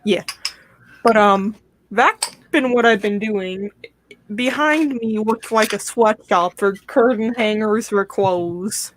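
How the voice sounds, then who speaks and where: A woman chatting on a casual livestream, her voice at an ordinary middle pitch. She jokes in a dry, offhand way. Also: slow pace, slight background noise. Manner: dry, joking.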